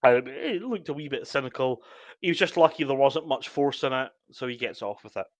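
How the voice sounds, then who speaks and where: A man's voice: mid-range voice, expressive, a little fast, dry recording. A man, co-hosting a casual podcast and walking through match moments step by step. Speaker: podcast co-host. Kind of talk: casual sports chat.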